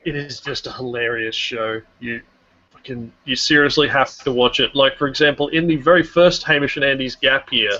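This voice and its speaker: A man's voice: mid-range voice, fairly even intonation, moderate pace, bright, forceful tone, a little hiss or hum. A man co-hosting a casual review podcast, enthusiastic and swearing casually. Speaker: podcast co-host. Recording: muffled lo-fi mic.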